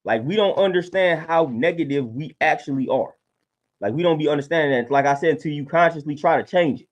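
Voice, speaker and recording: A man's voice: a little high, a little fast. A man talking casually on a livestream, laid-back and preachy, often repeating his points. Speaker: livestream host.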